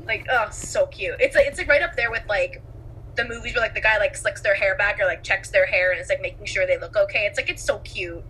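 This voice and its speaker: A woman's voice: medium pitch, fairly quick, sharp tone, a little hiss or hum, poor audio. A young woman co-hosting a casual chat, talkative and giggly, acting out quotes from films as she talks. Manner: chatty, giggly, acts out quotes. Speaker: podcast co-host.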